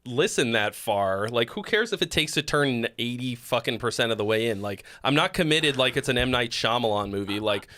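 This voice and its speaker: A man's voice: medium pitch, expressive, normal speed, hardly any pauses, pushed and bright. A man in his thirties hosting a casual live song-critique stream, giving blunt feedback laced with profanity.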